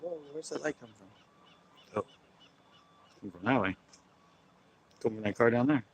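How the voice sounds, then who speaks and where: A man's voice: mid-range voice, lively intonation, normal speed, slight background noise, poor audio. A man hosting a casual fishing live stream outdoors on a pier, rambling and chuckling as he talks. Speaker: fishing livestream host.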